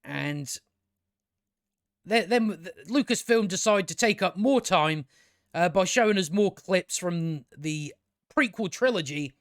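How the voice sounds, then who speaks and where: A male video reviewer with a high, expressive voice speaks unhurriedly. He delivers a rambling, mocking, sweary commentary over clips while reviewing a show.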